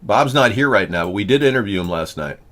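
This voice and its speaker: A man's voice: fairly low pitch, animated, fast, fairly bright tone. A man hosting a casual political talk show, rambling from story to story with a joking, sarcastic manner. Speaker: host.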